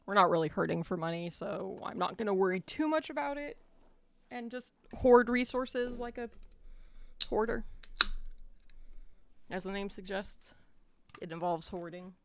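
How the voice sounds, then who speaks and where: A woman's voice: mid-range voice, animated, measured pace, gravelly, pauses often, dry recording. A woman streaming a game from home, talking casually with dry, wry asides. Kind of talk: casual gameplay commentary. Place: at home with her dog.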